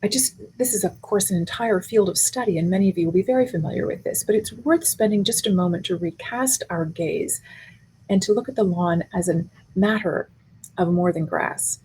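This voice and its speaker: A middle-aged woman and university professor giving a conference keynote lecture, articulate and measured, building her points in spoken lists. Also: medium pitch, warm tone, a little hiss or hum.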